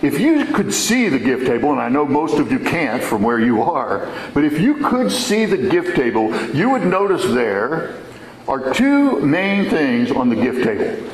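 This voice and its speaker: A man giving a sermon in a church, telling his story in a slow, earnest way. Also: on the high side, very animated, roomy sound, a little hiss or hum, low-quality recording. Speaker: preacher.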